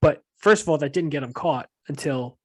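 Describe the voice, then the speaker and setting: Male podcast co-host with a high voice, loose and giggly banter. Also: animated, breathy edge, no echo. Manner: quick, laughing, breaks into silly impressions. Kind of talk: casual podcast chat.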